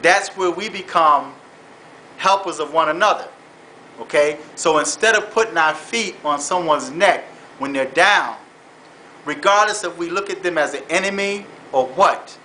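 A man vlogging, telling a personal dream earnestly and haltingly, repeating himself and moving into faith-based encouragement. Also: fairly high pitch, pushed and bright, slight background noise, poor audio. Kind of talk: personal storytelling turning into faith-based exhortation.

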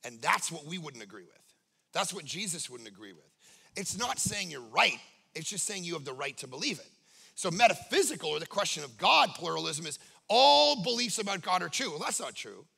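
A man's voice: a little high, a little fast, gravelly, husky. A male pastor preaching a humorous sermon, telling stories with jokes and acting out the people he quotes. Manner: animated, jokey, acts out quoted voices.

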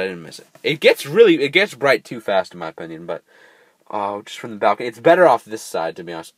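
A man's voice: fairly low pitch, very animated, very fast, a bit bright, no room sound, clean studio sound. A young man giving casual let's play commentary, chatting to viewers and bursting out in frustration when the game goes wrong. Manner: chatty, talks to viewers, erupts in frustrated outbursts. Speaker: gameplay commentator.

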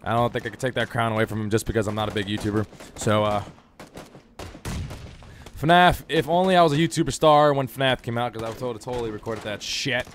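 A man's voice: medium pitch, brisk, a little hiss or hum. A young man doing casual gameplay commentary, joking around and laughing. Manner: joking, laughing, trying silly accents. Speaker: gaming YouTuber.

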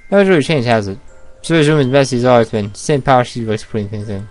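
A man's voice: medium pitch, fast, faint music behind. A man playing a visual novel on video, reading its narration and dialogue aloud and breaking off to react and joke. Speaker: let's play gamer.

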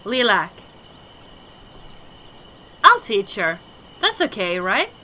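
A woman's voice: medium pitch, huge pitch swings, takes it slowly, sharp tone, heavily acted. A woman voicing a mad old male shaman who talks about himself in the third person in broken, childlike phrases. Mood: boastful. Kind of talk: game dialogue voicing.

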